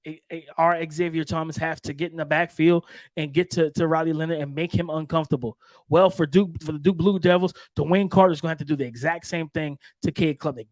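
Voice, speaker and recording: A man's voice: fairly high pitch, a little mellow, no room sound. Hyped sports podcast host, man. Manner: hyped, repetitive, talking straight to listeners.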